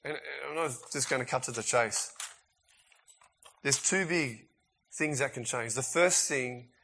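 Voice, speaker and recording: A man preaching a sermon in a casual, emphatic way, swinging between loud bursts and quiet asides. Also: mid-range voice, a little slow.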